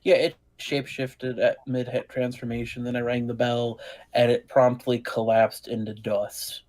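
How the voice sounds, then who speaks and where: A man playing a tabletop role-play, talking in a halting, hesitant way. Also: mid-range voice, flat delivery, darkish tone. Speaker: player.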